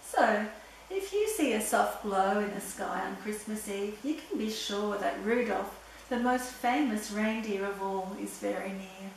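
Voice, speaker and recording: A woman reading a children's Christmas story aloud in a gentle, expressive way. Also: mid-range voice, unhurried. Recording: very echoey, far from mic, faint hiss.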